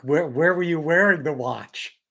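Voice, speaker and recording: A man's voice: fairly high pitch, measured pace, creaky, fairly bright tone. A man co-hosting a show, ribbing his partner with playful jokes in casual chat. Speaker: co-host.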